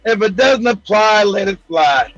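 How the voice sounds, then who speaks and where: A man's voice: high voice, animated, measured pace, fairly bright tone, dull audio, soft background music. A man co-hosting a talk show, teasing, laughing and swearing. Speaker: show co-host. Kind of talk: casual talk show banter.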